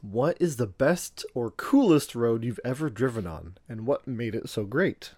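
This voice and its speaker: A man's voice: mid-range voice, lively intonation, a little slow, darkish tone, no room sound. A man co-hosting a podcast, talking in a hesitant, casual way with lots of fillers. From Canada. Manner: hesitant, with many fillers and laughs. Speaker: podcast co-host.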